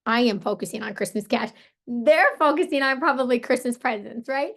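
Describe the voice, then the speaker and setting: Woman, hoarse voice, high-pitched, upbeat team coach, chatty. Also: fairly quick, a bit bright. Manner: upbeat, casual, says "like" and "you guys" a lot. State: hoarse, voice partly lost. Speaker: team leader coaching sellers. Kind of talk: motivational team call.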